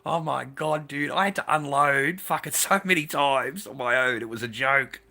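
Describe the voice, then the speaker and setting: A man delivers a crude, profanity-laced ramble as a stream host. His voice is bright and forceful, with a mid-range pitch. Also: moderate pace, gravelly.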